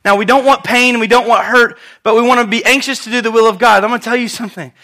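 A man preaching a sermon, telling a story with lively asides and questions to the congregation. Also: extremely high pitch, quick pace.

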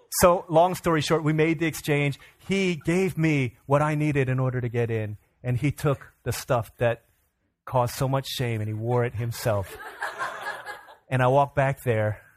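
Animated male pastor telling a story. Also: mid-range voice, slow pace, pauses often, no room sound. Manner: animated storyteller, acts out other people's lines. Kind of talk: sermon illustration storytelling. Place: church sanctuary.

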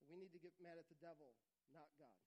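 A man preaching a sermon, earnest and repetitive, sometimes dropping to a quiet, intimate tone. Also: a little high, fast talker, low-quality recording. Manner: earnest, repeats phrases for emphasis, drops to quiet intimate tones. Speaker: pastor.

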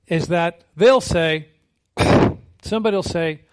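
A man preaching a sermon with a fairly high voice. He talks in an easy, humorous way and acts out little scenes as he tells them. His voice keeps lifting on the punchlines. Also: slow pace. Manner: conversational, humorous, animated storytelling with acted quotes. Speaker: missionary preacher.

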